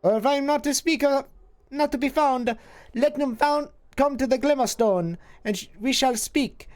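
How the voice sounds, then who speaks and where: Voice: high voice, darkish tone, pitched above the performer's own voice, natural voice. A streamer doing an ancient hissing hag. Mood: crooning. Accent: put-on foreign lilt, drifting. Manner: archaic twisted word order, hissing and drawn-out. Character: ancient female hag, cryptic and possessive.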